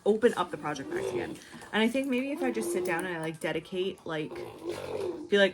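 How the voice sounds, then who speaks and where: A woman's voice: medium pitch, animated, brisk, very noisy. A young woman hosting a knitting video, talking in a chatty, rambling way with lots of fillers. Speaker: knitting podcast host. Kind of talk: casual chat.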